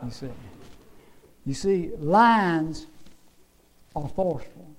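Give me a high-pitched male preacher, emphatic and folksy. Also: expressive, takes it slowly, slight background noise, low-quality recording. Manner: emphatic, repetitive, folksy storytelling. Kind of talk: sermon.

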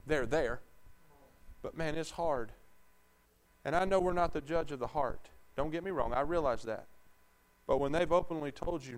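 In a voice on the high side, a male pastor preaches at normal speed with long pauses. He alternates quiet, conversational talk with loud shouting and calls out for responses from the congregation.

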